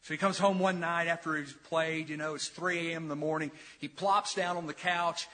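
A man preaching an expository sermon as pastor, dramatic and conversational, swinging from quiet asides to loud emphatic peaks. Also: on the high side, steady tone, brisk, few pauses. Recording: long reverb of a large church hall.

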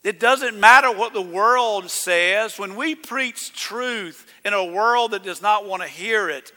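A man preaching a sermon as pastor, emphatic, rising to loud declarations. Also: sits high, slow pace. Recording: reverberant church hall.

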